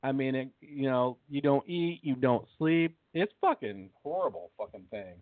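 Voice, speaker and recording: A man's voice: mid-range voice, lively intonation, moderate pace, dry recording. A man co-hosting a podcast, telling a story in a heated, profane way during casual chat. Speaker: podcast co-host. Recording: tinny phone-like line, dry.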